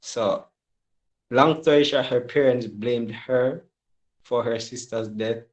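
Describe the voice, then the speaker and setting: A man, casually sharing a personal story at a Bible study in a relaxed, slangy way. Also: medium pitch, slow, highs cut off.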